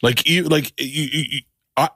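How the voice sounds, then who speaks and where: A man's voice: fairly high pitch, fairly even intonation, normal speed, sharp tone, dry recording, studio quality. A man hosting a podcast, chatting casually and gushing eagerly about his guest's work. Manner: effusive, eager interviewer. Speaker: podcast host.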